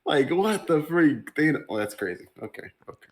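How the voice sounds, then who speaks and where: A man co-hosting a podcast among friends, talking in an incredulous, swearing, animated way. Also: a little high, normal speed, a little hiss or hum. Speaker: podcast co-host. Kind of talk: casual chat among friends.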